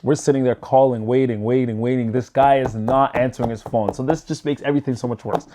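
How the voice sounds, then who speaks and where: A man telling a personal story in a casual, animated vlog style, swearing freely and filling his talk with "like" and "you know.". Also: medium pitch, fast, background noise. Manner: animated, swears freely, chatty with lots of fillers. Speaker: storyteller vlogger.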